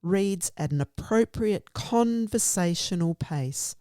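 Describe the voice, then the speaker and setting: A woman's voice: medium pitch, animated, slow pace, mellow, dry recording. A woman guest speaker explaining literacy teaching in an earnest, emphatic way, often in lists. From Australia. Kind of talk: conversational explanation.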